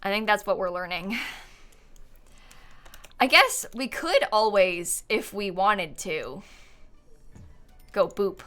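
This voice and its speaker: A woman's voice: medium pitch, expressive, takes it slowly, long pauses, bright, forceful tone. A woman streaming live, chatting casually and thinking aloud as she builds, with frequent ums and laughs.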